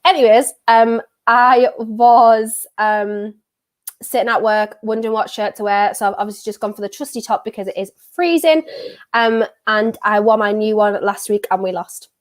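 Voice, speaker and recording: A young British woman rambles chattily through a live stream, leaning on filler words as she goes. Her voice sits a touch higher than most, and the cold she is fighting comes through. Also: moderate pace. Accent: British English. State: has a cold. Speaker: football watchalong streamer. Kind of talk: casual live-stream chat.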